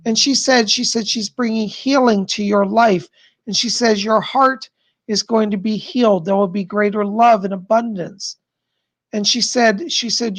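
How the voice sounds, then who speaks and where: A man's voice: high voice, fairly even intonation, moderate pace, gravelly. A man hosting a live stream of psychic readings, chatty and rambling, who keeps repeating what the spirits say. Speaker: psychic livestream host.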